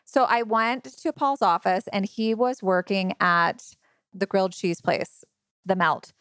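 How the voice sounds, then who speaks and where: A woman's voice: medium pitch, unhurried, a bit bright, clean tone, dry recording, studio quality. A middle-aged woman who founded a company, telling her story in an interview in a chatty way, with many fillers and acted-out quotes. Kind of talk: interview conversation.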